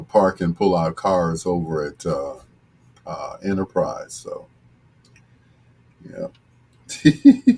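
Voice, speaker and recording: An older man hosting a casual live stream with a deep, husky voice, chatting in a relaxed, joking way as he reads out viewer comments. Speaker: host reading viewer comments.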